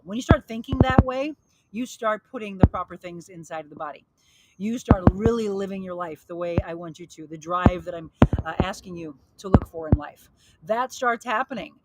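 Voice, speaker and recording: Outdoors beside a pool, a woman fitness coach demonstrates exercises live, a bit breathless as she motivates her audience and reads out their comments. She speaks at a medium pitch and a normal speed. Loud background noise and clicks run through the audio.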